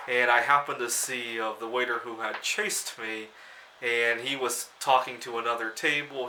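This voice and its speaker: A man talks to camera in a loose, meandering storytelling style, stumbling and repeating words as he searches for the next thought. His voice is strikingly bright and sharp, pitched in an ordinary middle register. The sound carries a noticeable echo from the room around him. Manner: rambling, halting, often repeats words. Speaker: vlog host. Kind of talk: casual personal storytelling to camera.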